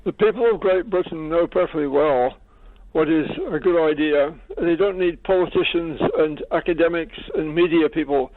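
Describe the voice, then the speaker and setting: A Scottish man rings in to a radio phone-in and speaks slowly and insistently. His voice is fairly high. The sound comes through a thin, tinny phone line. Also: dry recording. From Scotland. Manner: slow, insistent and earnest.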